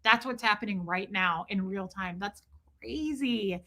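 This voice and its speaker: A middle-aged woman hosting a livestream, talking in a profane, animated way as she comments on online drama and acts out what people said. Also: medium pitch, unhurried. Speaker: livestream host.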